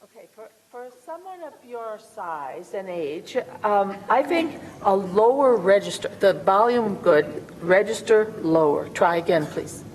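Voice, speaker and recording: A woman's voice: medium pitch, sing-song, measured pace, hardly any pauses, a little mellow. A woman improvising a role-play as a career coach, speaking in a coaxing, mock-earnest way. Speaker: workshop co-presenter. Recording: reverberant hall, faint hum.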